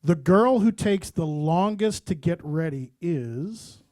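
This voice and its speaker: A male radio host running a party game in a casual interview. He is encouraging and reads the prompts out slowly. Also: on the high side, lively intonation, darkish tone, no room sound, clean studio sound.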